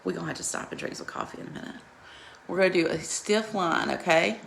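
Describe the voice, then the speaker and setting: A woman's voice: on the low side, fast, vocal fry, fairly bright tone, slight background noise. A woman hosting a live makeup tutorial, chatting and greeting viewers by name while coaching them through each step in a reassuring way.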